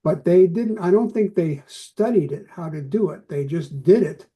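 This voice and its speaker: A man's voice: sits high, lively intonation, moderate pace, mellow, rough recording. A man taking part in a class discussion who speaks in a hesitant, mild way. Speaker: class participant. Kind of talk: asking questions in class.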